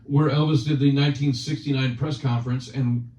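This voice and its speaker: A man's voice: medium pitch, fairly even intonation, fairly quick, warm tone, a little hiss or hum. A man hosting a casual chat, teasing his guest in joking banter. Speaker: channel host. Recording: roomy, distant, dull sound.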